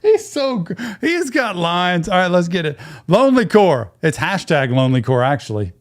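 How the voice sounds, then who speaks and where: Speaking at a normal pace, this man's voice sits high and sounds very animated. He's a therapist talking over a song he's reacting to, his remarks casual, enthusiastic and reflective, with the music audible behind him.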